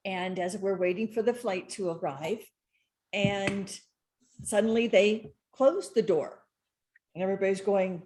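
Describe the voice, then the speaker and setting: A woman sharing a testimony in a casual, halting way, with many pauses and fillers. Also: fairly low pitch, darkish tone, a little hiss or hum. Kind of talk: casual storytelling.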